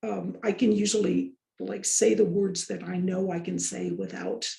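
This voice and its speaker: A woman instructor talks in a loose, rambling way, full of fillers and restarts. Her voice is low-key and warm with a gravelly edge. She sounds like she is in a roomy, echoing space. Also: steady tone, moderate pace. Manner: chatty, rambling, many fillers. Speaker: course instructor. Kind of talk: casual discussion on a video call. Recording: roomy echo.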